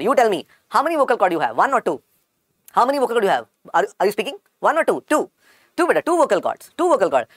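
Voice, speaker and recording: A man with an Indian accent and a croaky voice, teaching an online medical lecture and repeating key points to his students. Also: sits high, no room sound, studio quality. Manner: repetitive, calls students "beta".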